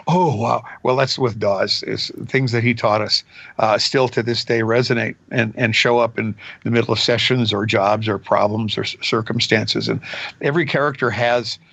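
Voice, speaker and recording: An older man, a voice actor being interviewed, telling stories in a casual, animated way and dropping into character voices. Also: lowish voice, vocal fry, husky, no echo. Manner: animated, jumps into character voices mid-story. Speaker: voice actor guest.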